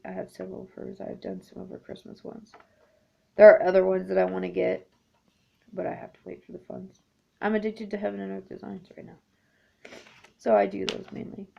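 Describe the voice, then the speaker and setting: A woman's voice: mid-range voice, creaky, darkish tone, a little hiss or hum. A woman in her thirties chatting casually to camera as a needlework vlogger, rambling with lots of ums. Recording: dull lo-fi home recording.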